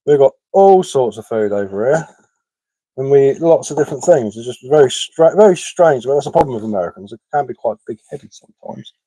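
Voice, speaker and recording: Chatty Sussex-accented man, mellow and dry. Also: medium pitch, animated, fairly quick, husky, no room sound, poor audio. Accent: West Sussex English mixed with London. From England. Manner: chatty, matter-of-fact, repeats words and says um often. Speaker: live-stream host, woodcarver. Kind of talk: casual live-stream chat reading viewer comments.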